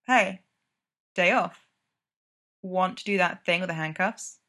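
A woman's voice: fairly low pitch, takes it slowly, sharp tone, heavily acted. A woman reading a story, voicing an easygoing young man, a hockey player, who speaks in a mild, offhand way. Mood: playful.

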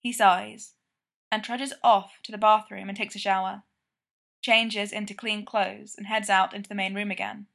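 A woman reads a story aloud in an easy, conversational way, as if telling it to a friend. Her voice sits at a middle pitch for a woman. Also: flat delivery, moderate pace, vocal fry, fairly bright tone. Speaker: reader. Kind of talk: fan fiction read aloud.

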